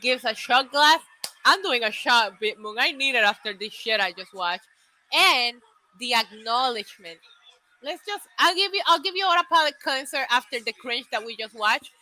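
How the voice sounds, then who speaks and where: High, bright-voiced woman streamer. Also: lively intonation, normal speed, rough recording. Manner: blunt, profane and laughing, reading out viewer messages. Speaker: host of a live wrestling watch-along stream. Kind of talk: casual live reaction commentary.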